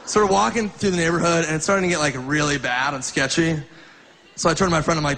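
A man's voice: on the high side, fast, a bit bright. A man doing stand-up, telling a story in a loose, laughing way and acting out voices. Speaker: stand-up comedian.

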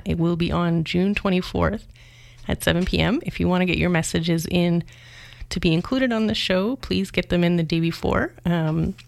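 Low, gravelly Canadian woman radio host. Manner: plain, unhurried, with small fillers. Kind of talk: casual radio announcing. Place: campus radio studio.

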